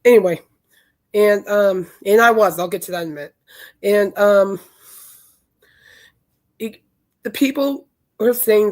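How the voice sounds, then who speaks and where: Hoarse woman, podcast host, casual chat, emphatic, average pitch. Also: measured pace, long pauses, darkish tone. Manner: chatty, emphatic and indignant. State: hoarse from singing.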